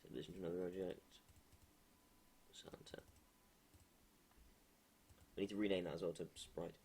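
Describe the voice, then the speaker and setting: A man streaming live while he builds a game, thinking aloud in a halting way with many restarts. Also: low voice, little pitch movement, gravelly, a little mellow, a little hiss or hum.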